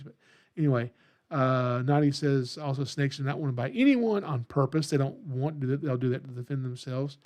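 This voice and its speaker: A man hosting a podcast, telling a story in a rambling, animated way and reading out live chat comments. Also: mid-range voice. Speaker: podcast host. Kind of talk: casual livestream podcast chat.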